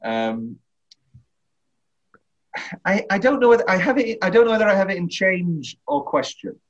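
A man's voice: sits high, very animated, normal speed. A man co-hosting a casual film podcast, rambling and interrupting himself, often laughing mid-sentence. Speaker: podcast co-host. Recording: dull lo-fi podcast audio.

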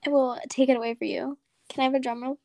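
A young woman co-hosting a podcast in casual chat, teasing, apologetic and quick to laugh. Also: sits high, fairly even intonation, creaky, background noise. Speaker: podcast co-host.

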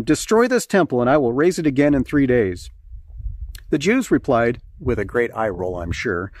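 A man's voice: medium pitch, darkish tone, no echo. A man preaching a conversational sermon, reading scripture and talking earnestly with fillers and restarts.

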